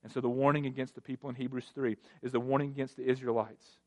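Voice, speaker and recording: A male pastor preaching a sermon, emphatic, with sweeping rises in pitch and loudness and repeated phrases for effect. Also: level tone, fast.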